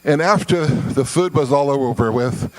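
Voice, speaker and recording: A folksy male storyteller originally from Scotland, telling long jokes at an easy, chatty pace. His voice sits mid-range, and he builds slowly toward each punchline with drawn-out pauses. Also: mid-range voice, low-quality recording. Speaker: comedian. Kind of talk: storytelling joke.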